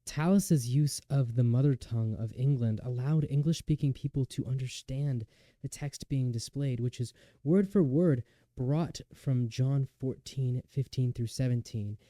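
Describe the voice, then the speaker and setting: A young man delivers a lecture in a very mellow, warm voice at a middle pitch. He talks in an earnest, measured way, sometimes restarting a word. The sound is close and dry. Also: no room sound. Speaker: student lecturer. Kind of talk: lecture recital narration.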